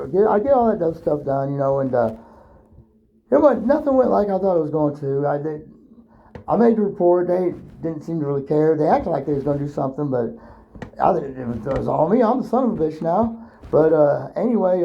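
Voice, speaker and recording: His voice is a little high and creaky as he recounts his own ordeal in a meandering way. The telling is profane and halting, packed with fillers and restarted sentences, and the lo-fi recording sounds dull with a faint hiss.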